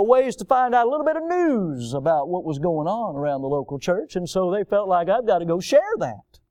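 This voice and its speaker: An older man preaching a sermon in a church, animated, with mocking voices for the people he quotes. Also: sits high, no echo, clean studio sound. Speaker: pastor.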